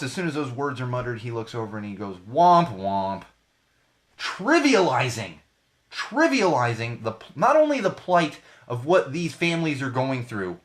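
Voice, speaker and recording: A man's voice: medium pitch, a bit bright. A man hosting a podcast live stream, ranting about the news in a profane, heated way and repeating phrases for emphasis. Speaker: podcast host. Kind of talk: solo live-stream rant. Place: small home studio.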